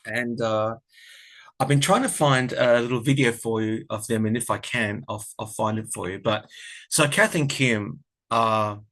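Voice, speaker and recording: A man's voice: medium pitch, a little slow, a bit bright. An Australian man chatting casually to camera about politics, rambling and frank. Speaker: tarot and political commentary vlogger.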